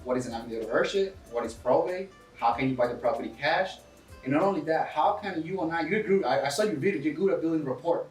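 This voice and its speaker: A man's voice: on the high side, fast talker, roomy sound, distant mic, soft background music, poor audio. A man with a foreign accent, English not his first language, talking energetically in a casual interview and coaching listeners, often calling people dude and bro. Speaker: real estate investor guest.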